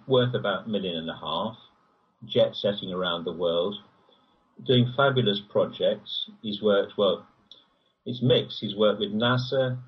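A man being interviewed, talking in long rambling runs and jumping up in pitch when he stresses a point. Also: slightly rough. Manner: rambling, animated, pitch jumps when emphatic. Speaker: guest. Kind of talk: conversational interview. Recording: distant, dull lo-fi audio.

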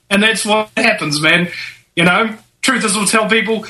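A young man from New Zealand hosting a casual talk show, jokey and animated. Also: unhurried, rough recording. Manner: animated, jokey, swings between high and low voices. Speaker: host.

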